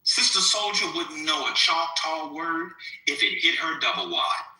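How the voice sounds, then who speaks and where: A man arguing in a crude, casual live-stream debate, provocative and animated. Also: a little high, unhurried, roomy sound, rough recording. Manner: animated, provocative, swings loud to soft.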